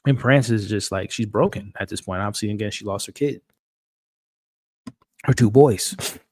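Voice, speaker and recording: A man with a somewhat low voice hosts a live-stream recap of a TV episode. He talks excitably, often repeating words as he restarts his sentences. The sound is dry and close, with no room echo. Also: moderate pace. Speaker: show host. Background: dog.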